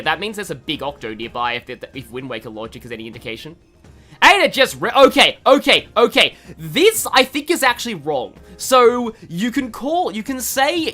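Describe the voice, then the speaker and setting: Chatty Australian man with lively voice. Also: high-pitched, moderate pace. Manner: rambling, chatty, laughs often, many fillers. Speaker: gaming video host. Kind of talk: casual game commentary. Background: faint game music.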